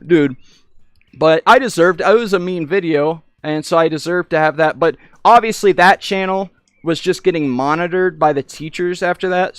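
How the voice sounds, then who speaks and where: A man's voice: a little high, clear, resonant tone, no echo, studio quality. A young American man rambling through stories in casual live-stream chat, often breaking off mid-sentence. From United States. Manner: rambling, self-interrupting storyteller.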